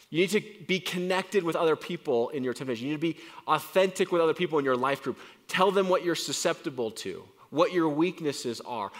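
A man in his forties delivers a sermon, talking to the congregation as if in conversation. His voice is bright and sits a little high for a man. He climbs into loud, emphatic lines, then drops to quiet, low ones. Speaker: pastor.

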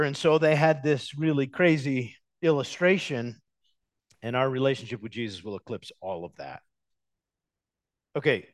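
A man preaching an expository sermon as a pastor, animated and emphatic, with sudden loud stresses and slowly drawn-out words. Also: medium pitch, dry recording.

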